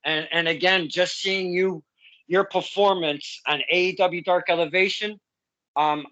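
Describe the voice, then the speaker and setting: Effusive high-voiced man hosting. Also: steady tone, a little slow, bright, forceful tone, rough recording. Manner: effusive, heartfelt, rambling with restarts. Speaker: podcast host. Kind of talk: casual interview.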